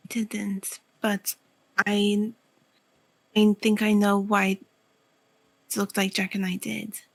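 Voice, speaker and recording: A woman's voice: medium pitch, completely flat delivery, slow pace, vocal fry. A woman player speaking in character in a tabletop game, earnest and thinking aloud as she pleads her case. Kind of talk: in-character tabletop role-play.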